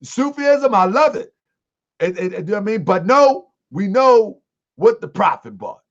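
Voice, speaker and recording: A man hosting an online livestream, commenting to his viewers in a preachy, animated way. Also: sits high, normal speed. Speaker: host of an online show. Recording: dull lo-fi sound.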